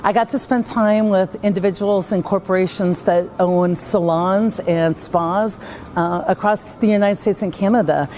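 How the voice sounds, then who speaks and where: A woman speaking about leadership at a conference, energetic and acting out the voices of the people she quotes. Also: mid-range voice, measured pace, a little hiss or hum. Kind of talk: conference talk and vlog.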